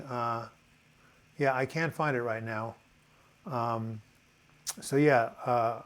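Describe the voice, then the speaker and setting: Chatty older man hosting a live chat. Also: medium pitch. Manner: chatty, warm-hearted, loose and rambling with many fillers. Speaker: host of a live video chat. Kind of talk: casual live-stream chat, reading viewer comments.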